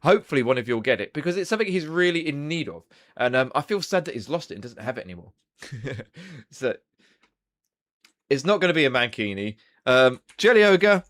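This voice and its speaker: A man's voice: medium pitch, very animated, a little fast, a bit bright. A young man hosting a casual live stream, chatting loosely with viewers and swearing now and then. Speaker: livestream host.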